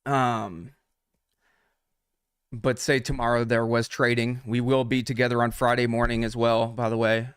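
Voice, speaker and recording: Male trading coach live-streaming, loose and profane, mid-pitched, close dry mic. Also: level tone, unhurried, fairly bright tone, clear, resonant tone, no room sound. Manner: casual, profane, talks straight to chat. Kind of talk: unscripted live stream teaching.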